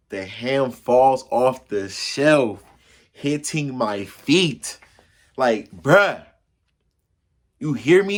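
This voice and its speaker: A man telling a funny personal story to his viewers in a casual, slangy way, acting out the crashes and his own yells. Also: medium pitch. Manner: animated, acts out yells and crashes.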